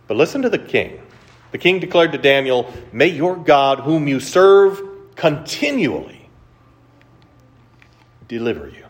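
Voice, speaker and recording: A man preaching a conversational sermon, retelling a story with animated storytelling and frequent rhetorical questions. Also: lowish voice. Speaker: pastor.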